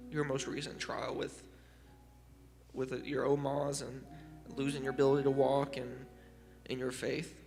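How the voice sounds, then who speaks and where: A man gently putting halting questions to a guest on stage at a youth service. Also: mid-range voice, creaky, big-room sound. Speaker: youth leader interviewing a guest. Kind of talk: on-stage interview.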